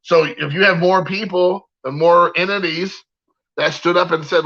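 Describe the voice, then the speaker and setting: A card-collector vlogger launches into a heated, rambling opinion rant, repeating himself and leaning heavily on fillers. His voice sits high with a steady, fairly bright tone at normal speed, and the recording sounds muffled.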